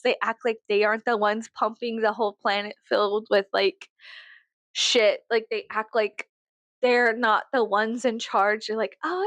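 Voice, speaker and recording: A woman's voice: medium pitch, fairly bright tone, no echo. A woman in her thirties from South Texas, rambling in a casual, profane, giggly monologue that swings to sarcastic mockery. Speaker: vlogger.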